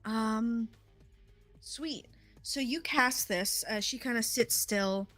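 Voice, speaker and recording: A woman running a tabletop game as game master, talking hesitantly with many pauses and fillers. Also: fairly high pitch, a bit bright, soft background music. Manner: hesitant, many ums and likes.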